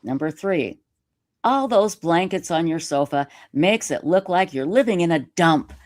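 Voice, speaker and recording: Woman streamer, lowish voice, animated, self-mocking, laughs a lot, dry close sound. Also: measured pace, dry recording. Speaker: YouTube live streamer reading a letter. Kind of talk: storytelling in casual interview chat.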